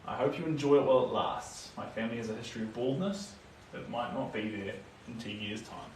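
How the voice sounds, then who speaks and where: A young man from New Zealand, with that accent, chats casually on a painting live stream, answering viewers' comments and muttering to himself at work. He talks a little fast in a medium-pitched, darkish voice. The recording is noisy, with a distant mic and an echoey room.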